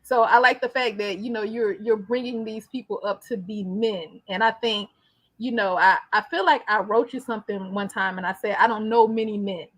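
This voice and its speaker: A woman hosting a casual interview, animated and quick to repeat herself, often checking in with tag questions. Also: mid-range voice. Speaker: interview host.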